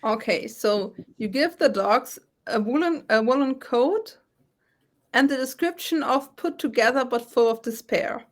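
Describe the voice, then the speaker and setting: A woman running a tabletop game as game master, describing scenes in a chatty, halting way. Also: a little high.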